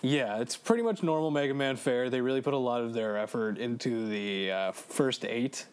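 A man co-hosting a casual video game chat, excitable, swearing freely and laughing often. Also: medium pitch, normal speed, smooth. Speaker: let's play co-host.

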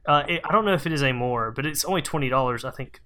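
A man's voice: medium pitch, racing, bright, forceful tone. A man co-hosting a video game podcast in casual chat, talking loosely with many fillers and restarts. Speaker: podcast co-host.

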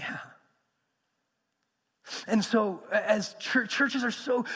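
A man preaching a sermon, animated and swinging between loud emphasis and hushed, near-whispered passages. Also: extremely high pitch. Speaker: pastor. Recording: long reverb of a large hall.

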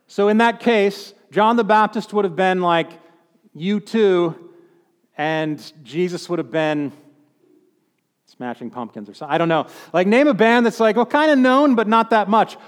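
Male preacher, high voice, chatty sermon with wry asides; long hall reverb. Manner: conversational, with joking asides.

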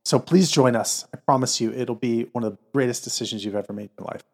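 A man's voice: medium pitch, quick pace. A man, an a cappella producer and arranger, talking as a guest in an interview with eager, earnest energy. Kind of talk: enthusiastic interview talk.

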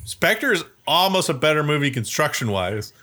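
A man co-hosting a movie review podcast, talking quickly with animated laughs. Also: a little high. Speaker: podcast co-host. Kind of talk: casual film review chat.

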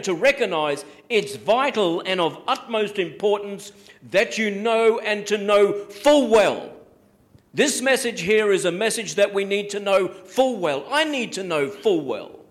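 A man preaching with a fairly high voice. He presses his points hard, repeats key phrases and slows right down when he quotes scripture. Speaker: pastor. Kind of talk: sermon.

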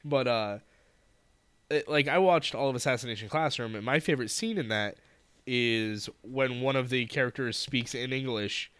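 A man's voice: mid-range voice, moderate pace, a bit bright, clean tone, no room sound. A man co-hosting a casual chat, joking bluntly and swearing freely. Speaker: podcast co-host.

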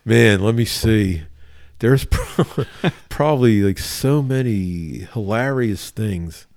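Man telling a lively story. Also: fairly low pitch, takes it slowly, no echo, studio quality. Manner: animated anecdote-telling with laughs and fillers. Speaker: police officer guest. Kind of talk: casual storytelling.

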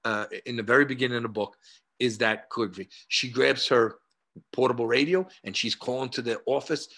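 A martial arts historian in his sixties with a New York accent joins as a guest over a video call, telling stories conversationally and acting out both sides of each exchange amid frequent "uh" fillers. His mid-range voice is bright, forceful, gravelly and slightly rough, and he speaks briskly and animatedly.

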